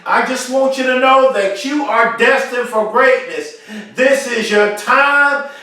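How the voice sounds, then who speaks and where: A man delivers a rousing motivational talk, hammering his points home through repetition in a preacher-like cadence. His voice sits very high for a man. He is recorded from some distance in a strongly echoing room. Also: takes it slowly, bright, forceful tone. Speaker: motivational speaker. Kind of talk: motivational speech to camera.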